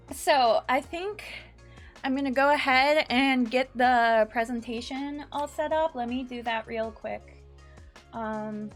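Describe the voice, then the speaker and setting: Nervous giggly high-voiced woman streamer. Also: a bit bright. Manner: nervous, giggly, greeting chat by name. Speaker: VTuber streamer. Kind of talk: casual live-stream chat. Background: faint background music.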